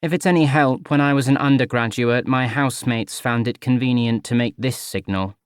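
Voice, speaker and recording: A man's voice: medium pitch, moderate pace, clean tone, dry recording, clean studio sound, close to an everyday voice. A man reading an audiobook, voicing a blunt, pedantic female scientist who speaks formally and literally. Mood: dryly literal. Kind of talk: audiobook character voice.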